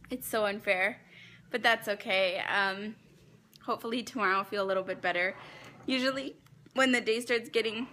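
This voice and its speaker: A young pregnant woman talks casually to her viewers while cooking in her home kitchen. Her voice is bright and sits a little high, and she chats into a phone camera as if her audience were family. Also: slight background noise. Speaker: vlogger.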